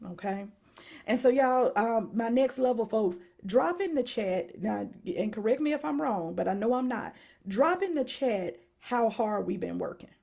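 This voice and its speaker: A woman in her thirties with a Southern American accent, a psychologist giving a lively live-stream announcement and calling out to her viewers as y'all. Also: medium pitch, vocal fry. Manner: energetic, repeatedly addresses audience as y'all. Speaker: psychologist and speaker.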